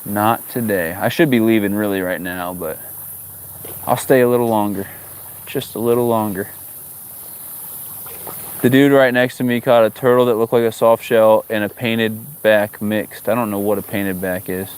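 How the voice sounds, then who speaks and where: A man's voice: on the low side, fairly even intonation, normal speed, pauses often, a little mellow, smooth. A man hosting a fishing livestream outdoors, chatting casually with viewers and joking in exasperation at the fish. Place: outdoors by the water.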